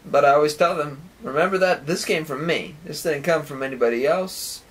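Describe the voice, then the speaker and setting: A man's voice: a little high, fairly quick, few pauses, a bit bright, breathy edge. A man giving a rambling solo monologue on his own podcast, now and then acting out imagined voices with sound effects. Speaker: podcast host.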